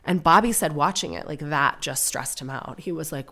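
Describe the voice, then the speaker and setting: A woman with a low voice hosts her own podcast in her thirties. She chats casually and sardonically, often slipping into mocking put-on voices. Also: a little fast, few pauses, bright, forceful tone. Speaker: podcast host. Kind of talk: casual solo comedy chat.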